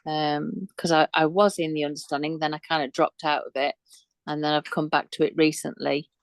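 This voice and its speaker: Low, hesitant woman on a group call. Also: little pitch movement, dry recording, low-quality recording. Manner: halting, many restarts and fillers. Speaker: call participant. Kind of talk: casual sharing on a group call.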